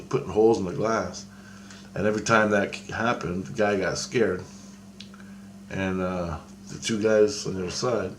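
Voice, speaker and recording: Man with a low, gravelly voice telling a meandering story in a loose, conversational way over a faint hiss. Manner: rambling, with many restarts and quoted dialogue. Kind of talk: casual storytelling monologue.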